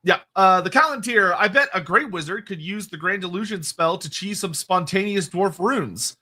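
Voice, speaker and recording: High bright guy co-hosting a lore stream, rambles and restarts. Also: moderate pace. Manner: rambling, restarts, laughs often. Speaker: co-host answering chat questions. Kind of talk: casual livestream lore chat.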